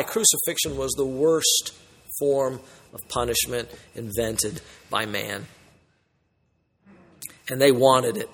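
A male preacher with a somewhat high voice, delivering a verse-by-verse sermon. He swings from loud, emphatic outbursts to hushed, solemn asides. His voice rings with a long hall reverb. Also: lively intonation, takes it slowly. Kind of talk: expository sermon.

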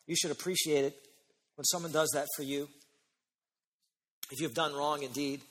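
A man preaching a sermon as pastor, emphatic, slowing down and stretching key phrases. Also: a little high, steady tone, fairly bright tone. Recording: long hall reverb.

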